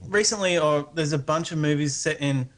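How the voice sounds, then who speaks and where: An Australian man rambles through a curious question on a call, stopping and restarting often. His voice sits a little higher than most men's. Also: normal speed. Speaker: guest caller. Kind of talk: casual live-stream chat.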